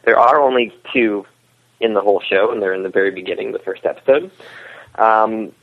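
A man's voice: on the low side, fairly quick, gravelly. A man co-creator of a web series, explaining the production as a podcast guest, with restarts and chuckles. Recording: tinny phone line.

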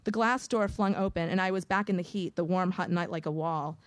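A woman reading a first-person audiobook in a measured, vivid storytelling manner. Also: fairly low pitch, no echo. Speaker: audiobook narrator.

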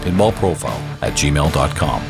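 A man's voice: very deep voice, expressive, normal speed, vocal fry, loud music behind the voice. A man in his fifties hosting a podcast interview, bantering like a stand-up comedian and laughing easily. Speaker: podcast host.

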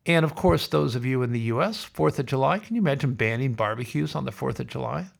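A man's voice: mid-range voice, lively intonation, fast talker, vocal fry. A man hosting a podcast, delivering a sardonic, opinionated rant. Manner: sardonic, ranting. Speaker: podcast host. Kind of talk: opinionated monologue.

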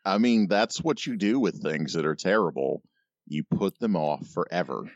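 Deep-voiced man on a dull-sounding mic. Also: expressive, moderate pace, no echo. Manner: hesitant, dry, many restarts. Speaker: podcast co-host. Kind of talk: casual comics podcast banter.

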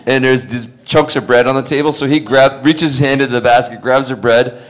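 A middle-aged actor spins a loose, meandering anecdote for a crowd of fans. He often breaks into laughter and trips over his own sentence starts. His pitch sits at an ordinary male level. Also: steady tone, fairly quick. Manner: rambling storyteller, laughs often, restarts sentences. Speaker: actor answering fan questions. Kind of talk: anecdotal convention Q&A.

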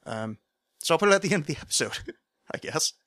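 A man's voice: on the high side, very animated, quick pace, fairly bright tone, dry recording, studio quality. Rambling, self-deprecating male podcast host. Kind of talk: casual solo podcast monologue.

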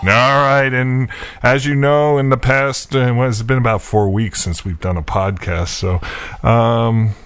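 A man's voice: medium pitch, fairly even intonation, a little slow, clear, resonant tone, dry recording, soft background music. A man hosting a podcast, telling a rambling, self-mocking story in a casual chat with many fillers and chuckles. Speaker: podcast host.

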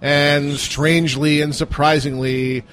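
A man hosting a casual internet radio show, teasing his callers with quick banter. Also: on the high side, flat delivery, fairly bright tone. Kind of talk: casual chat.

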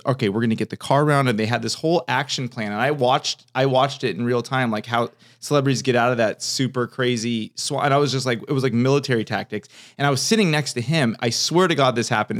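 Animated man telling stories casually. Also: medium pitch, fast, hardly any pauses. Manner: animated storyteller, restarts and fillers. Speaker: comedian guest. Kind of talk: casual podcast chat.

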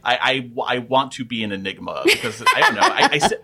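A man's voice: mid-range voice, wildly swooping pitch, fairly quick, vocal fry, sharp tone, breathy edge. A man from Queens, New York, with a mostly neutral American accent and a faint New York edge, explaining things in casual chat as a podcast co-host, often repeating words as he starts a sentence.

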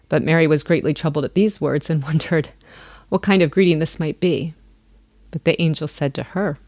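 A woman vlogger reading scripture aloud in an unhurried, earnest way. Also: sits low, fairly even intonation, a little mellow, dry recording.

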